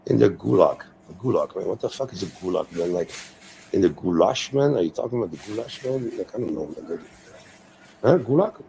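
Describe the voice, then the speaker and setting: A hoarse man rambling and swearing in a casual livestream chat, dropping "man, you know" everywhere. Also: sits low, lively intonation, brisk, warm tone, a little hiss or hum, low-quality recording.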